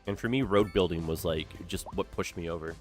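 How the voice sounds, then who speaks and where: A man's voice: deep voice, fairly quick, soft background music. A young man chatting casually while live-streaming a city-building game, upbeat and full of "like" and "eh?".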